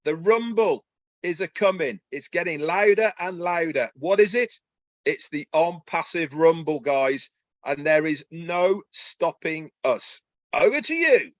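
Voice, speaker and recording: A man presenting on a promotional webinar, talking in an excited, pitching way over a video call. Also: measured pace, no echo, lo-fi sound.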